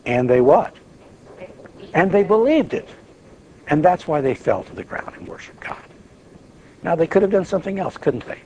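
A man leading an informal Bible study, lively and acting out prayers as he talks. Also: fairly high pitch, moderate pace, long pauses, slight background noise, poor audio. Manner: animated, acts out prayers and quotes.

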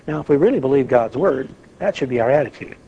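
A man leading an informal Bible study, lively and acting out prayers as he talks. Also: mid-range voice, fast, creaky, husky, highs cut off. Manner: animated, acts out prayers and quotes.

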